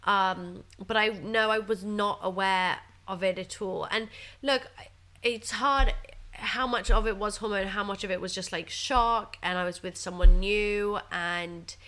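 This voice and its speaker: A young woman speaking openly in a relaxed chat, full of fillers like "like" and "you know". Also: mid-range voice, measured pace. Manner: chatty and open, many fillers like "like" and "you know". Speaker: guest. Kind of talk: candid casual chat.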